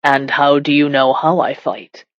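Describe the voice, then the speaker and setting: A woman reading the lines of a stern, protective medieval warrior husband in a gruff, low, terse voice. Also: steady tone, measured pace, no echo, muffled recording.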